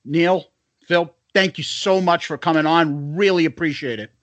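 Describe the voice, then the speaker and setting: Podcast co-host guy, high voice, dry sound, swears a lot, casual. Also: normal speed, a bit bright, no echo, lo-fi sound. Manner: loose, profane, joking.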